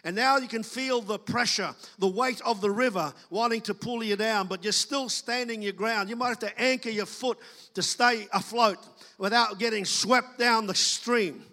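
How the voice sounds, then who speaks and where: In a large, echoing space, a pastor delivers a sermon at a moderate pace, his high-sitting voice bright and forceful. He talks to the congregation casually and conversationally, performing the quoted voices himself.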